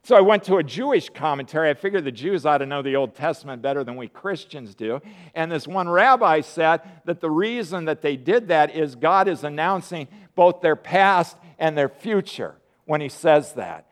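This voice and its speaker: A man's voice: on the high side, expressive, normal speed. A middle-aged man preaching a sermon in a conversational way, driving points home by repeating words. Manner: conversational, with emphatic repetition.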